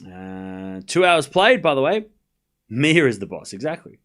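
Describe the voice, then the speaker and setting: Lively Australian man calling tennis. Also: medium pitch. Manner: quick-tempered, jokey back-and-forth with chat. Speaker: streamer calling a tennis match. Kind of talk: live stream play-by-play and chat banter.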